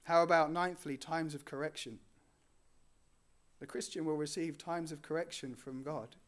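A man preaching a sermon in an earnest way. He lifts his voice on key words and lets his lines fall soft and low at the ends. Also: fairly even intonation, normal speed. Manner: earnest, rising on key phrases and dropping softly at line ends.

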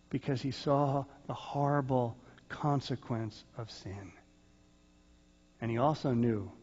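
A male pastor preaching a sermon, swinging from loud, drawn-out rises to soft, sighing drops. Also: medium pitch, big-room sound, muffled recording.

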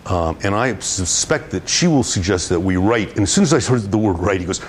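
A guest lecturer talks to students about public relations, spinning an animated classroom anecdote full of repeated and restarted words. He has a lowish, slightly rough voice and a brisk delivery.

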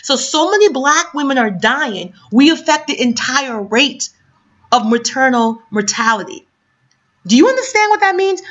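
A woman's voice: on the high side, fairly bright tone. Impassioned woman vlogger on lo-fi audio. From New York City. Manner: impassioned, emphatic, repeats rhetorical questions, swings between reading and outburst. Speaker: commentary vlogger. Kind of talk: reading an article aloud and ranting about it. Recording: dull lo-fi sound.

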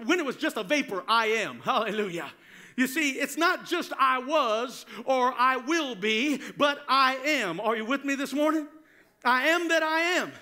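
A man's voice: extremely high pitch, bright, forceful tone. A man preaching a sermon as pastor, fervent, drawing call-and-response from the congregation.

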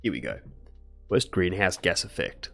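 A man's voice: low voice, sing-song, moderate pace, gravelly, fairly bright tone, soft background music. A young man chatting casually with his live-stream chat while he studies medicine. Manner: casual, chatty, laid-back slang.

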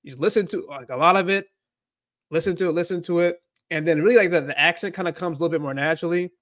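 A man's voice: fairly high pitch, quick pace, a bit bright, no room sound. A man hosting a casual livestream, rambling with lots of "like" and restarted sentences. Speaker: host.

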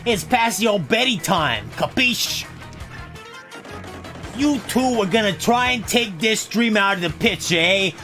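A man's voice: high voice, lively intonation, unhurried, sharp tone, soft background music, voice pushed up, heavily acted. A man voicing a tough-talking male tape villain with a put-on New Jersey accent and a swaggering, menacing delivery.

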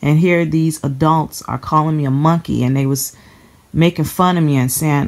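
Holding back emotion, a woman from around Chicago tells her personal story to the camera in halting, earnest bursts, often saying things twice. Her pitch is low, her tone slightly mellow.

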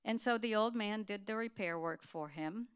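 A woman giving a talk, telling a family story to an audience in an earnest, steady way. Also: medium pitch, moderate pace, clear, resonant tone. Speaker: guest speaker.

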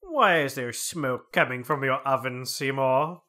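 A man voicing a stiff, gruff middle-aged male school inspector for a comedic reading of a game. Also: mid-range voice, unhurried, bright, forceful tone, pitched below the performer's own voice.

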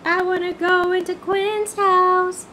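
High-pitched woman chatting on a livestream. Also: level tone, slow, pushed and bright, slight background noise. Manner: chatty, easily flustered, sings snatches of songs. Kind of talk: casual game livestream chat.

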